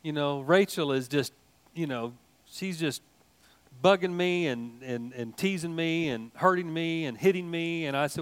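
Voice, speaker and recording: An older man preaching a sermon in a folksy, animated way, mixing asides and jokes into his teaching. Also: a little high, a little slow, clear, resonant tone. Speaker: pastor.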